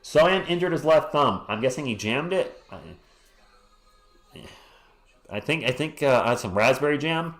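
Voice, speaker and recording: A hoarse man hosting a live stream, calling a game play by play in a casual way and greeting chat viewers between plays. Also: a little high, lively intonation, brisk, a bit bright, faint music behind. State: hoarse, losing his voice. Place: home at night.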